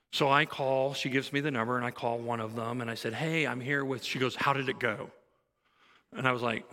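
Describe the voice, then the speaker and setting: A man's voice: medium pitch, vocal fry, pushed and bright, in a large hall. A man preaching a sermon, telling a counseling story in a conversational way and acting out the dialogue. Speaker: pastor.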